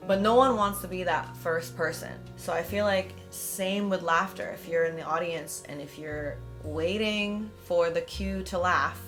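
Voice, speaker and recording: A woman's voice: fairly low pitch, a little slow, few pauses, fairly bright tone, faint music behind. A woman stand-up comedian talking casually in an interview, wry and self-deprecating.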